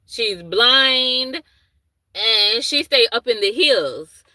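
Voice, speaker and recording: This woman, an adult with a young son, hosts a livestream where she reads viewers' comments out loud and responds, rambling and repeatedly losing her thread. She draws out her words in a high-leaning, bright, pushed voice with lively intonation; there's no echo, but the audio is poor.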